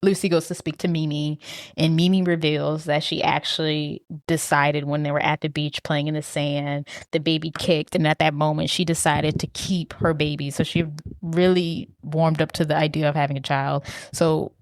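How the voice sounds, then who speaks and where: A woman's voice: sits low, normal speed, no room sound, studio quality. A woman co-hosting a podcast, casually recapping a movie plot and acting out the characters' lines as she goes. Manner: animated retelling, acting out lines in quotes. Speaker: podcast co-host.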